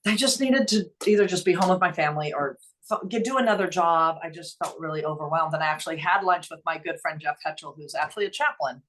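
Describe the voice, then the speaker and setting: A woman's voice: deep voice, fast talker, a little hiss or hum. Earnest middle-aged woman telling her story. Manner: earnest, emotional, quotes others in lively voices. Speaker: nonprofit founder and guest. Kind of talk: conversational storytelling.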